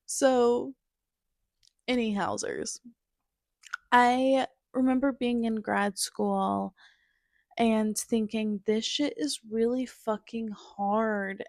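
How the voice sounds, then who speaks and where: A woman's voice: medium pitch, gravelly, a little mellow, no room sound, studio quality. A woman in her twenties telling a candid personal story as a podcast host, blunt and self-mocking, swearing freely and moving between wry humor and raw feeling.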